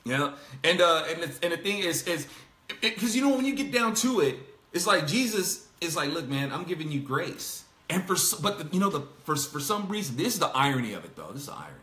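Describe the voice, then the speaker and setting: A man hosting a casual Bible discussion with a bright, fairly high voice. He talks in an animated way, laughing often and acting out the lines he quotes. The room is echoey. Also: fast. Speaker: host.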